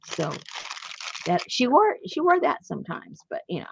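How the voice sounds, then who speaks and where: A woman's voice: on the high side, huge pitch swings, moderate pace, vocal fry, muffled recording, noisy background. A woman hosting a craft channel, chatting casually and playfully while showing a handmade journal. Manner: playful and chatty, laughs often.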